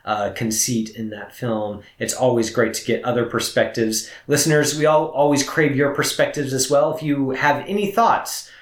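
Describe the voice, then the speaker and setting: Man, podcast film co-host, measured and explanatory, mid-pitched, echoey room. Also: fairly even intonation. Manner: measured, explanatory, gently teasing. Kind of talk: conversational podcast talk. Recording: roomy echo.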